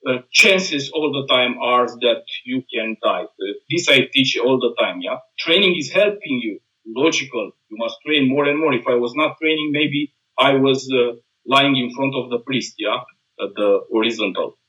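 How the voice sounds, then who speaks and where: Romanian-accented man, combat instructor, restarts often, bright forceful tone. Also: mid-range voice, highs cut off. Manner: earnest, halting non-native phrasing with many restarts. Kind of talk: casual conversation.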